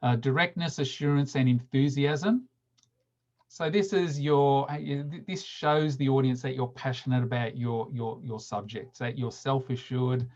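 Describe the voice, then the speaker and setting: A man's voice: medium pitch, fairly even intonation, a little mellow, muffled recording. A man giving public speaking tips at a committee meeting, often repeating words and restarting phrases. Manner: slows down sharply to demonstrate emphasis. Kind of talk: instructional talk at a meeting.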